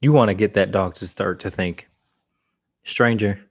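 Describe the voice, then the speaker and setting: A male dog trainer answers questions in a relaxed live session. His voice sits on the low side. He talks bluntly and conversationally, often restarting his sentences. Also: moderate pace. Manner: blunt, casual, frequent restarts. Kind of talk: live Q&A talk.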